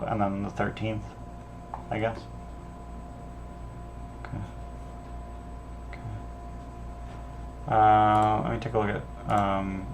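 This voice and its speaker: A man's voice: lowish voice, gravelly, a little hiss or hum. A man running a casual solo prep stream as a game master, thinking aloud and reading adventure text in an offhand way, with some casual swearing.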